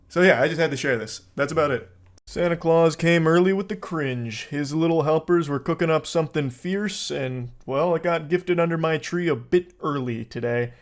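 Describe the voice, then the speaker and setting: Man, reaction commentary, crude and incredulous, slightly high voice. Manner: incredulous, crude, exaggerated outbursts. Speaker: commentary host. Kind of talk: reaction commentary reading texts aloud.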